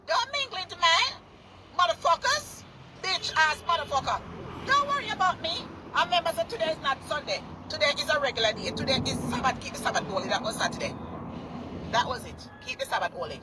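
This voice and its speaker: A woman's voice: high-pitched, heavy background noise. A Jamaican woman in a heated, cursing rant, repeating herself as she talks outdoors. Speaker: vlogger. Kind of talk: angry profane rant.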